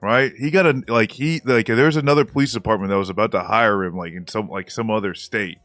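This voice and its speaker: A man's voice: fairly low pitch, fairly quick, a bit bright, dry recording, faint music behind. A man interviewing a guest in casual talk, loose and blunt, heavy on fillers and profanity.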